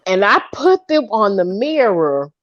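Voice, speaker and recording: A woman in her fifties telling a funny story in casual chat, animated and laughing as she acts out what people said. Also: mid-range voice, a little slow, highs cut off. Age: 50s.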